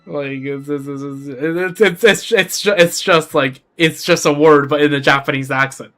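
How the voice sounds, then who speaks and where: A man's voice: on the high side, unhurried, pushed and bright, soft background music. A man streaming a game, chatting casually in a rambling way and repeating words as he thinks. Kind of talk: casual gameplay commentary.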